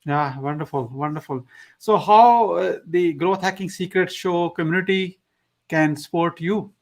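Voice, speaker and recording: A man's voice: a little high, unhurried. A man from the USA hosting a podcast, asking questions eagerly with many fillers and praising the answers. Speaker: podcast host. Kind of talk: interview questions.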